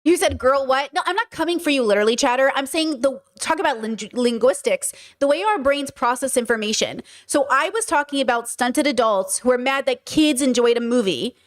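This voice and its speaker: Streamer, female, high voice, casual and animated, repeats herself, talks to chat. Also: fairly quick, few pauses. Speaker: livestream host.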